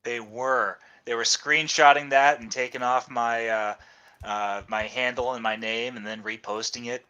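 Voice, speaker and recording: A man's voice: medium pitch, steady tone, a little slow, pushed and bright, clear, resonant tone, lo-fi sound. A man co-hosting a casual podcast, laughing often and joking sarcastically. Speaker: podcast co-host. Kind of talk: casual chat.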